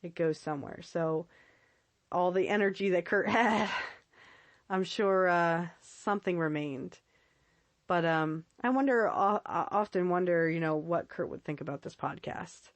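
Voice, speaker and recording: A woman's voice: lowish voice, a little slow, no echo. A woman hosting a podcast solo, talking casually and chattily with frequent laughs and fillers. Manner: chatty and giggly, with lots of fillers and repeats. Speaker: podcast host.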